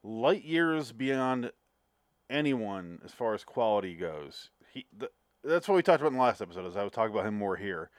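A man's voice: fairly low pitch, very animated, normal speed, dry recording. A man co-hosting a podcast, giving blunt and crude opinions about a film. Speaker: podcast co-host. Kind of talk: casual film chat.

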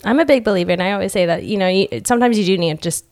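A woman's voice: medium pitch, rapid-fire, a little mellow. A young adult woman chatting openly on a podcast and laughing often. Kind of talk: casual podcast chat.

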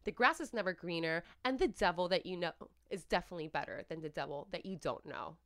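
A woman's voice: on the low side, lively intonation, fast, fairly bright tone. A woman, co-hosting a casual chat, blunt and opinionated with lots of "like". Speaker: podcast co-host.

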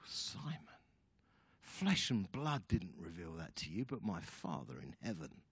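A man voicing a calm, gentle male spiritual teacher who speaks quietly and without hurry. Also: sits low, unhurried, husky, no echo, pitched below the performer's own voice, heavily acted.

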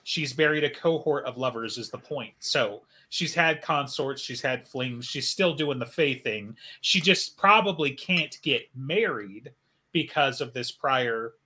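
A man's voice: mid-range voice, expressive, a little slow, pushed and bright, husky. A man co-hosting a podcast in casual chat, rambling with many fillers.

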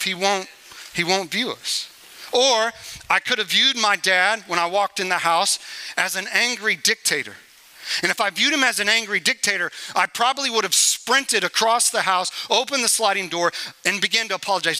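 A man's voice: high-pitched, pushed and bright, rough recording. A man in his forties, a senior pastor, preaching a sermon and telling a family story, acting out pleading voices along the way.

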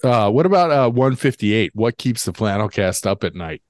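A man's voice: lowish voice, normal speed, no echo, clean studio sound. A man co-hosting a podcast, chatting casually and acting out both sides of an old argument. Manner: animated storyteller, acts out both sides of arguments. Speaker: podcast co-host. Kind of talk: casual chat.

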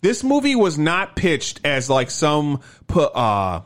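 A man in casual podcast chat, talking with animated, swinging inflection and a slightly raised pitch. He gushes with enthusiasm and curses freely, tripping over words and restarting sentences as he goes. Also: takes it slowly. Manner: enthusiastic, profane, stumbles and restarts. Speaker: podcast co-host.

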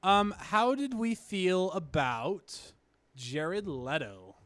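A man's voice: high voice, lively intonation, drawn-out words, fairly bright tone, no room sound. A man co-hosting a casual podcast, rambling and correcting himself, laughing often. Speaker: podcast co-host. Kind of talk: casual chat.

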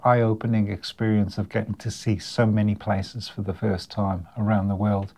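A man's voice: fairly low pitch, little pitch movement, moderate pace, dark tone. An older man with a Liverpool accent looks back on his years as a working musician. His talk is chatty and rambling, with repeated words and frequent chuckles, in an interview. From Liverpool, England. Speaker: guest musician. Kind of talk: casual interview storytelling.

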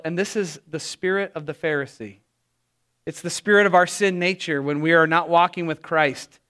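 A man preaching a sermon as pastor, animated and acting out the voices he quotes. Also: fairly high pitch, moderate pace, clean tone.

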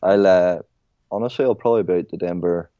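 A man's voice: deep voice, quick pace, dark tone, no echo, dull audio. A young Irish man chatting casually as a podcast guest, telling stories and calling people mate. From Ireland. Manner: chatty storyteller, says mate a lot. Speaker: guest, former soccer player. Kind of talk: casual podcast chat over a call.

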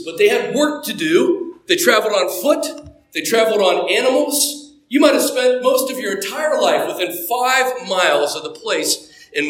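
Emphatic Texan pastor preaching. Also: male voice, high voice, bright, forceful tone. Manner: emphatic preaching, repeats key phrases. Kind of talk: sermon. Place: church sanctuary. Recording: echoey church room.

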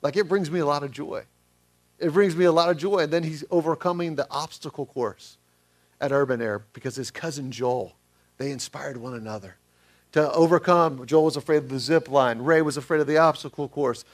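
A man's voice: a little high, a little fast. A male pastor giving a sermon in a conversational way, asking the congregation questions.

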